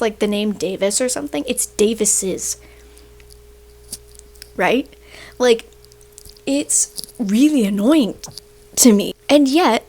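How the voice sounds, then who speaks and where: A young woman with a slightly high voice talks in a loose, chatty way and keeps tagging her points with "right?". She has the hiccups as she explains, and she sounds like a student ranting to the camera. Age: young adult. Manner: chatty, tags sentences with "right?". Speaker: university student. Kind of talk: casual explainer rant.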